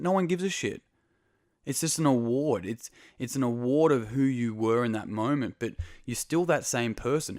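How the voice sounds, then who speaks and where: A podcast host talks directly to the listener in a casual yet earnest motivational monologue packed with swearing. His voice is medium-pitched, recorded with clean studio sound and no room sound.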